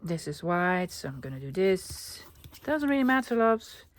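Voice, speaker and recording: In a casual crafting vlog, a young woman's low voice swings widely in pitch at a normal pace as she playfully talks to viewers, addresses them as love, and sometimes slips into a whisper while crafting.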